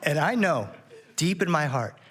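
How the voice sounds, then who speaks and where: A man's voice: on the high side, sing-song, normal speed, a bit bright, husky. A middle-aged man performing a personal story on stage, with vivid, rhythmic delivery. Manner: vivid, rhythmic storytelling with playful character voices. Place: on stage before a live audience.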